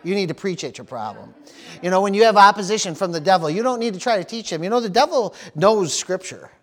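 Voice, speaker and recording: A man's voice: high voice, animated, fast talker. Pastor peppering his sermon with amens. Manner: peppers talk with amen and hallelujah, repeats words. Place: church service.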